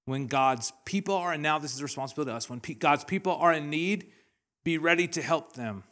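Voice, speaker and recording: Animated male pastor preaching. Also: on the high side, fast. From Canada. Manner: animated storytelling with laughter and acted-out quotes. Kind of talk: sermon. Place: church hall.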